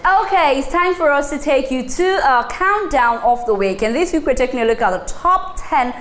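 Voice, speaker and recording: A woman's voice: high-pitched, normal speed, reverberant, soft background music. A woman co-hosting a talk show, chatting casually and leading into a break. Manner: lively, animated. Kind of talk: casual chat.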